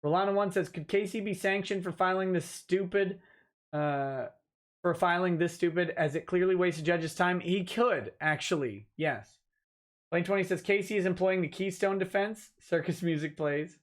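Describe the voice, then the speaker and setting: A man's voice: high voice, fairly even intonation, moderate pace. A man hosting a casual livestream, reading viewer comments aloud and giving dry, offhand answers as a lawyer. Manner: dry, offhand replies to chat.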